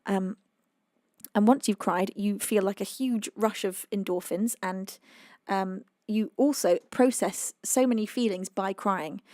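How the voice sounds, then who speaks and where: A woman's voice: mid-range voice, a little slow, darkish tone, dry recording, studio quality. A woman from the UK, a singer-songwriter chatting casually on her live stream, reading chat aloud with plenty of fillers and laughs.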